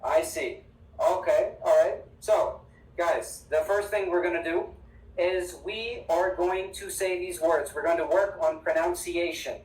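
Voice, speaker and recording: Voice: mid-range voice, darkish tone. Upbeat teacher, echoey room. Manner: upbeat, emphatic, repeats words slowly for students. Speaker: English teacher. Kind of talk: online English class. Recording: echoey room, distant mic.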